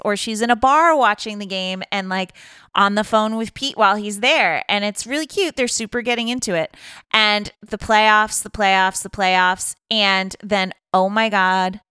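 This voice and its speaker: Bright, chatty woman podcaster. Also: fairly high pitch, clear, resonant tone, no room sound, studio quality. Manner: chatty, rambling, lots of fillers. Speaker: podcast co-host recapping a film. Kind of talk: casual chat.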